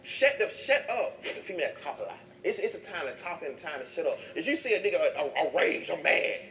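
A man being interviewed, telling comedic stories in an animated, profane way and laughing through them. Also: fairly high pitch, fast talker, roomy sound, distant mic, a little hiss or hum. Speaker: interview guest. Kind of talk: comedic street interview storytelling.

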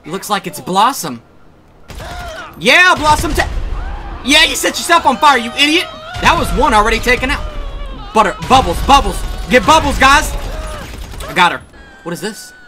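Hyped high-voiced gaming commentator man. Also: big pitch swings, faint music behind. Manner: hyped, shouting at the game, quick reactions. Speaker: gaming YouTuber. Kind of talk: excited gameplay commentary.

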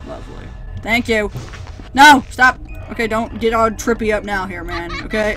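A woman's voice: mid-range voice, moderate pace, pushed and bright, faint music behind. A woman doing horror game commentary into a desk microphone, sarcastic and talking back to the characters, then screaming at the jump scares. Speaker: gaming channel host.

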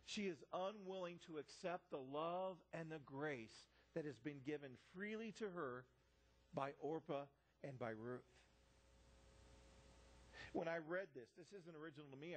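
A man's voice: on the high side, poor audio. A male pastor preaching a sermon, reading scripture aloud and explaining it in plain everyday words to his congregation.

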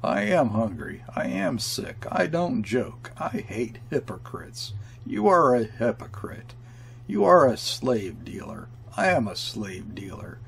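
A man voicing a brash, mocking European trading-post man who sneers and shouts. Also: on the low side, very animated, slow pace, creaky, a little hiss or hum, exaggerated voice. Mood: furious.

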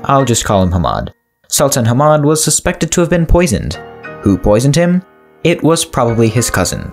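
A man reads a scripted history explainer in a lively, swooping voice. He keeps stepping out of the story with wry asides to the viewer. Faint music plays softly underneath. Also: fairly low pitch, normal speed. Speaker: narrator of a history explainer channel. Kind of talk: scripted narration.

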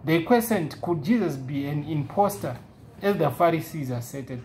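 A woman's voice: low voice, moderate pace, mellow, a little hiss or hum. A woman reading quotations aloud at a Bible study, then asking the group questions.

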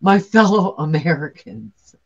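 A woman's voice: deep voice, very animated, unhurried, slightly rough, lo-fi sound. A woman guest earnestly recounting her near-death experience, intense and emotional, often restarting her sentences. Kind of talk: emotional first-person storytelling.

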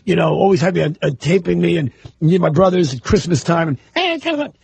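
A middle-aged man from New York with a New York accent, a stand-up comedian guest telling stories on talk radio in a gravelly, raspy voice. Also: fairly high pitch, fast. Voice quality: gravelly, raspy from years of yelling and smoking. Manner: animated storyteller. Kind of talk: casual talk radio chat.

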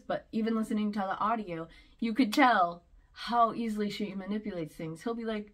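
A woman with a fairly low-pitched voice talks her way through her opinions in a loose, rambling way. She is a vlogger giving casual commentary and laughs now and then between points. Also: steady tone, moderate pace, a bit bright.

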